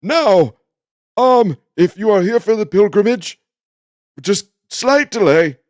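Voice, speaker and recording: A man playing a tabletop game who speaks in slow, rambling, drawn-out in-character speech. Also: high-pitched, animated, no room sound, clean studio sound. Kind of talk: tabletop role-play.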